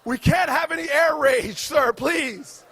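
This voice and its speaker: A weary airline agent woman, voiced by a man telling a story, turns down a request in a polite, formal way. She sounds apologetic but firm, and the voice sits very high and strained. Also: takes it slowly, fairly bright tone, exaggerated voice. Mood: pleading.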